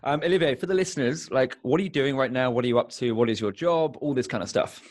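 A man hosts a casual podcast interview in an even, mid-range voice. He sounds upbeat and friendly and often turns to speak straight to his listeners. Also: medium pitch, fast. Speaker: podcast host.

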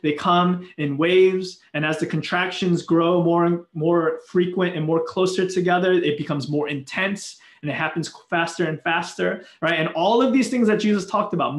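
A man preaching a sermon, earnest and animated, with playful acted asides. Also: fairly high pitch, echoey room. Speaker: pastor.

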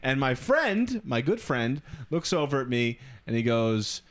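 A man's voice: mid-range voice, big pitch swings, a little slow. Rambling man telling a story. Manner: rambling, with many filler words. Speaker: podcast co-host. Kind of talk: casual storytelling chat.

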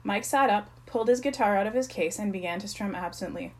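A woman reading a children's chapter book aloud. Her delivery is plain and even, in a steady storytelling rhythm. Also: mid-range voice, fast talker, few pauses. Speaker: narrator.

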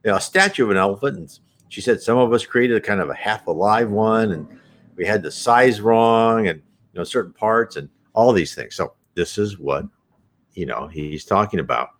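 A man with a very low voice explains spiritual teachings in a loose, conversational way. He is earnest and explanatory and lifts his voice now and then to stress a point. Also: moderate pace. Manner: earnest, explanatory, animated emphasis. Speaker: spiritism presenter.

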